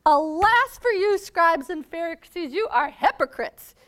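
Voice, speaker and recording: A woman reading aloud the words of an angry, grieving male prophet, scolding loudly and then lamenting quietly. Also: medium pitch, sing-song, slow. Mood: furious scolding.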